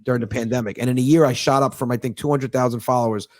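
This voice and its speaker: A man in his thirties, a comedian telling stories in a fast, profane, sarcastic casual chat. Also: medium pitch, steady tone, a little mellow, dry recording, clean studio sound. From United States. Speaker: comedian guest.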